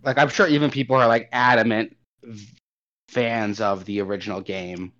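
A young man co-hosting a casual gaming chat, rambling and animated, swearing casually as he goes. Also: on the low side, moderate pace. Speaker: podcast co-host. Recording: dull lo-fi audio.

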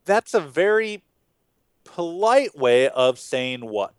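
Picture a man co-hosting a church podcast who talks high and animated, bouncing up and down in pitch as he acts out the people in the story. The sound is dry and close, with no room around it. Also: takes it slowly, smooth, no room sound. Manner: animated, acts out voices with big swings in pitch. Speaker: pastor and podcast co-host. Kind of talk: animated Bible discussion.

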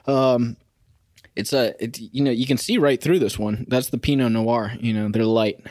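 A young man talks through a casual solo podcast from his home kitchen, rambling and amused with himself. His voice sits at an ordinary middle pitch and sounds dry and close, with no room around it. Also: moderate pace, a little mellow, dry recording. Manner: rambling and self-amused, sings snatches of a song. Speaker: podcast host.

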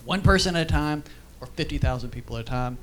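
A man whose voice is on the high side speaks at a quick pace over a little hiss or hum. He's giving an informal church teaching, telling stories in a chatty way with lots of asides and fillers, and briefly gets emotional and choked up.

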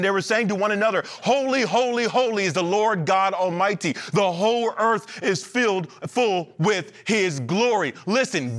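A man preaching an animated, emphatic sermon to a church, repeating lines and joking between points. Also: high voice. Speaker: pastor.

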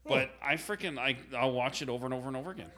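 A man's voice: mid-range voice, racing, pushed and bright. A married man chatting casually on a podcast in a laid-back way, often trailing off. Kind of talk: casual chat.

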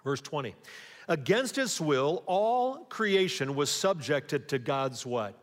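Guy pastor giving a sermon, kinda high voice, chatty, asks the crowd questions, big echoey church hall. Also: expressive, takes it slowly. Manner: conversational preaching, asks the congregation rhetorical questions. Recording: long hall reverb.

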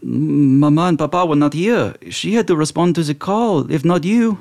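A man voicing an excitable male gnome, the little brother, in a put-on French accent and a gushing, gasping manner. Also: a little high, normal speed, vocal fry, pitched above the performer's own voice. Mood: urgent.

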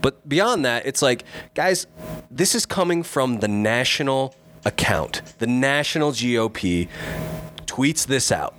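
A man's voice: mid-range voice, unhurried. Indignant man ranting on a podcast. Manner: indignant, sarcastic, animated ranting. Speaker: podcast co-host. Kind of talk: casual podcast rant.

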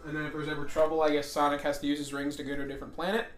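A man's voice: fairly high pitch, little pitch movement, rapid-fire, roomy sound, soft background music. A man co-hosting a casual podcast, chatting and swearing while watching a movie. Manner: joking, swears freely. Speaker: podcast co-host.

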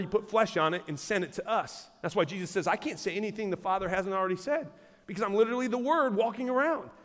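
A man, a pastor preaching a sermon in a conversational, animated way with asides to the congregation. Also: sits high, big-room sound. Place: large church auditorium.

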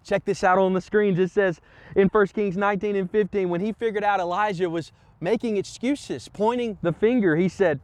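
Male pastor, fervent sermon delivery, high-pitched, dry close sound. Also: normal speed, a little mellow, dry recording. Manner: impassioned preaching, repeated "come on" calls to the congregation.

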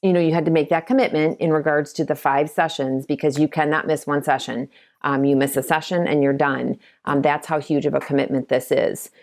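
A middle-aged Ohio woman who works as a realtor and broker tells stories in a casual interview, acting out the quotes as she goes. Her voice is low and steady, brisk and slightly mellow, and her manner is chatty.

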